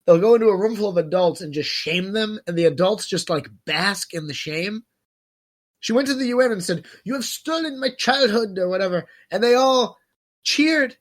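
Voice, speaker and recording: A man's voice: high-pitched, animated, normal speed. A man co-hosting a podcast, chatting casually with a provocative, mocking edge. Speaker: podcast co-host. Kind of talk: casual political chat.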